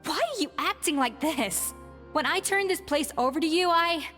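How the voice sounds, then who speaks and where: A principled former head chef in a video game, firm and earnest, with a high, lively voice. Light reverb and faint music play behind. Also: female voice, normal speed. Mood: reproachful. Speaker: game character.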